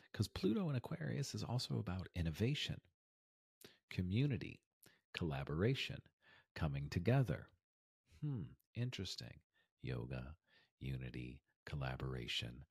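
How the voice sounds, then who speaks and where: Gravelly low-voiced man, animated podcast host. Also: no echo, studio quality. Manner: animated, swings between loud emphasis and near whisper. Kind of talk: casual inspirational monologue.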